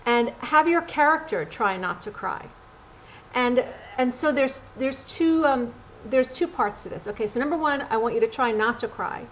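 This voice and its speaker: A middle-aged woman speaks as a casting director coaching actors, her voice sitting a little high. She is blunt and animated, talking casually straight to the listener. A faint ambient hum sits behind her. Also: moderate pace, poor audio. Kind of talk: direct-to-camera acting tips. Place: Los Angeles.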